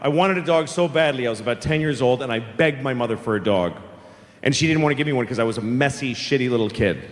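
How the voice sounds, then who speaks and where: A man's voice: medium pitch, fast. A middle-aged man doing a stand-up comedy routine, ranting profanely with exasperated outbursts. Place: comedy venue stage. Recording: live hall reverb, faint ambience.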